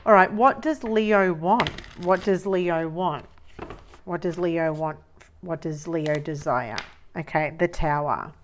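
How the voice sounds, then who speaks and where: Slow, musing woman reading tarot. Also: fairly low pitch, a little hiss or hum. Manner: slow, musing, repeats phrases while reading cards. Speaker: tarot reader.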